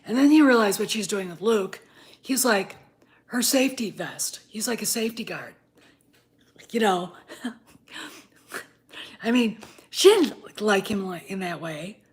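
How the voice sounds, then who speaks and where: A woman in her fifties ranting in a casual vlog. She swears a lot and swings from low muttering to loud, heated outbursts, with wine in hand. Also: normal speed. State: drinking wine. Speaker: vlogger.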